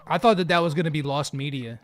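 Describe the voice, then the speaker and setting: A man casually chatting on a live stream while gaming, jokey and rambling, quick to laugh at himself. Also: on the high side.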